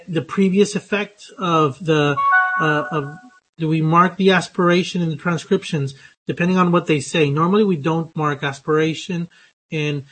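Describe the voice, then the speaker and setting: A man's voice: a little high, a bit bright. A man teaching English phonetics in a lecture, speaking with many hesitations, fillers and restarts. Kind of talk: online lecture.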